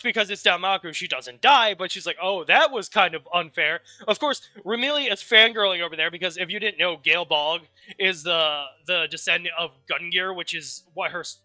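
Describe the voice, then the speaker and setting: Bright, rambling male streamer. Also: high voice, no echo. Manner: rambling, animated, swears casually. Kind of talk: casual story recap.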